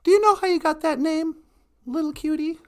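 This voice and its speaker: A woman voicing a kind, calm male creator spirit who speaks gently and reassuringly. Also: high voice, fairly quick, close to an everyday voice. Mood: gentle.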